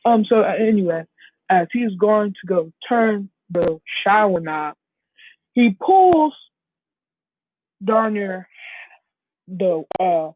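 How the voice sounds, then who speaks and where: A woman's voice: medium pitch, expressive, slow pace, long pauses, dry recording. A young woman casually retelling a fan story, rambling and full of fillers. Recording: tinny phone-like, dry.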